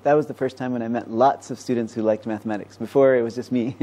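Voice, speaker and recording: A man's voice: mid-range voice, fairly even intonation, warm tone. A man, a mathematician and professor, explaining ideas in a conversational interview with a patient, teacherly manner. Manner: explanatory, teacherly, quick-paced.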